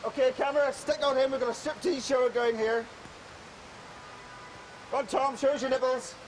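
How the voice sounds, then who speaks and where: A man's voice: extremely high pitch, steady tone, normal speed, slight background noise, low-quality recording. A man with a Northern Irish accent, bantering cheekily with a crowd from an outdoor square. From Northern Ireland. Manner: cheeky, teasing, joking. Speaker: public art participant addressing a crowd. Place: outdoors in a large public square.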